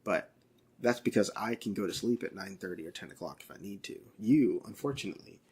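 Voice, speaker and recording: A man's voice: on the low side, lively intonation, a little fast, a little mellow, slightly rough. A man co-hosting a casual podcast, ranting in an exasperated, profane way. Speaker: podcast co-host.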